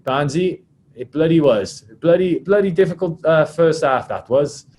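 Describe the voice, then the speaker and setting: A man's voice: fairly high pitch, normal speed, slight background noise, pitched above the performer's own voice, lightly acted. A man putting on a blustering prop. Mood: jovial. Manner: loud, blustering, swears casually. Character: gruff Welsh rugby prop, loud rallying man.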